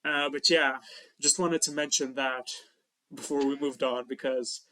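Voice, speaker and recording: A man's voice: mid-range voice, fairly even intonation, unhurried, sharp tone. A man co-hosting a podcast in casual chat, rambling with many fillers as he recalls film scenes. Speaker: podcast co-host.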